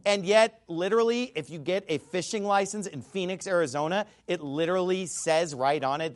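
A man giving an emphatic, scornful video monologue about scripture, stumbling over repeated words and bursting into loud shouts. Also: high-pitched, brisk, few pauses. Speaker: Bible commentator.

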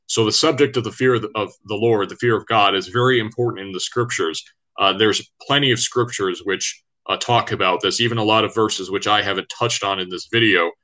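A man reading scripture aloud and preaching in a video, earnest and measured, with frequent filler sounds. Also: on the low side, bright, forceful tone, low-quality recording. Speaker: online Bible teacher.

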